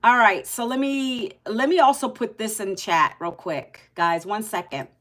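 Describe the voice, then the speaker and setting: Loud, passionate woman in her fifties. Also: mid-range voice, unhurried. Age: 50s. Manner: rambling, emphatic, repeats herself. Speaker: livestream host. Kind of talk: casual livestream talk.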